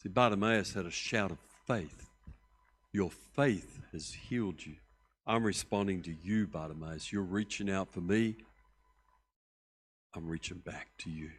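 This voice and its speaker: A middle-aged man, preaching a sermon as pastor, telling the story with lively acted-out voices that swing from loud to hushed. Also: sits low, normal speed, husky. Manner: animated storytelling, acting out voices with big swings in loudness.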